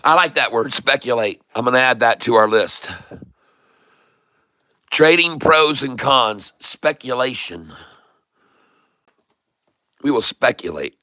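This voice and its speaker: Playful male stream host; unhurried delivery, bright tone. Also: mid-range voice, expressive, no echo, clean studio sound. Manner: playful, jokey hype with kiss sounds and joke French and Spanish; chart-pointing teacher, addresses viewers as folks. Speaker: stock-trading stream host. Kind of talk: live trading stream commentary.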